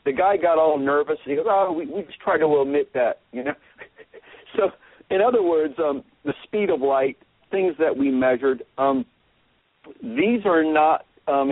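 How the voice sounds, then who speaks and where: A man talking casually to his listeners, rambling and halting with many fillers and restarts as he works through his opinions. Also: a little high, no echo. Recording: tinny phone-like line.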